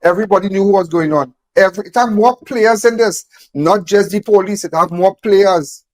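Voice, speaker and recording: A man's voice: high voice, moderate pace, dry recording. A man speaking emphatically, repeating phrases and firing off rhetorical questions. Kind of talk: impassioned on-camera talk.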